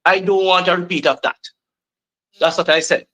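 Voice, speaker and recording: A man's voice: sits high, level tone, moderate pace, pushed and bright, low-quality recording. A man with a Jamaican accent arguing his point insistently on a casual panel, repeating himself to be heard.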